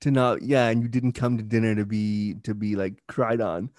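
A man's voice: lowish voice, level tone, normal speed, darkish tone, no room sound, studio quality. A man hosting a casual interview, chatty and a little hesitant, often restarting his sentences. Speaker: interviewer host.

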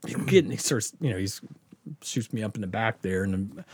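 A man hosting a comedy podcast, telling a story in a casual, animated way, swearing freely and laughing as he goes. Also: lowish voice, a little fast, slight background noise. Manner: animated, profane, laughing through his story.

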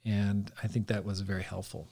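A man's voice: on the low side, little pitch movement, brisk, dark tone. A middle-aged man and podcast host, chatting casually and telling a marriage story, acting out quotes with laughs.

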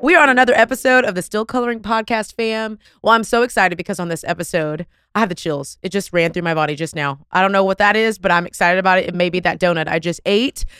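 A woman, hosting a podcast interview in an effusive, animated way with casual slang. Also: mid-range voice, fast talker, hardly any pauses, smooth, dry recording, studio quality. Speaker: podcast host.

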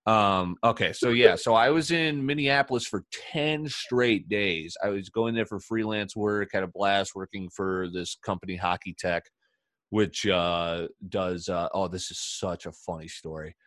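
A man's voice: deep voice, unhurried, a bit bright, no echo, clean studio sound. A man hosting a casual podcast, telling long rambling stories with filler words and laughs. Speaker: podcast host. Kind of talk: casual storytelling chat.

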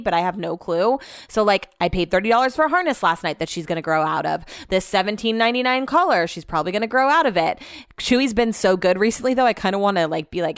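Smooth-voiced woman, rambling casual chat. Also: fairly low pitch, fast talker, no room sound, studio quality. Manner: rambling, profane storytelling. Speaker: radio show host.

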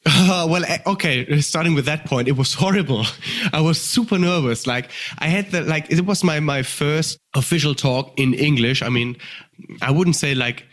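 A man with a German accent, a podcast guest telling stories in casual, animated chat, swearing and laughing, a little tipsy. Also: on the high side, moderate pace.

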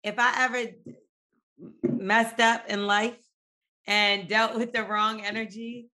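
A woman's voice: a little high, little pitch movement, takes it slowly, sharp tone. A young adult woman co-hosting a podcast in casual chat, blunt and joking. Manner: blunt, joking, talks frankly about sex. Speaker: podcast co-host.

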